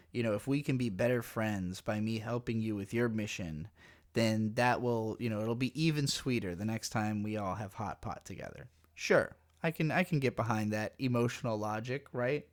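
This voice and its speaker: A man talking through an anime episode in casual commentary, excitable and profane, with lots of fillers. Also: mid-range voice. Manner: animated, profane, excitable storytelling. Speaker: anime reviewer.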